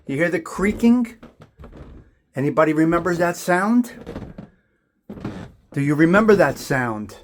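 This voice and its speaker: A man hosts a walking tour of an old house, moving between rooms and addressing viewers admiringly, often repeating himself. He speaks on the high side, expressively and unhurriedly, with long pauses, and there is slight background noise.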